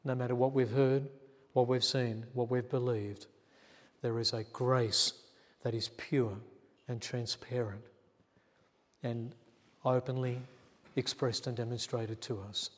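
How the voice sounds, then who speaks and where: Unhurried and level in tone, a medium-pitched male pastor narrates a sermon story. He chats along, performs the quotes, and pokes fun at himself, recorded with long church reverb.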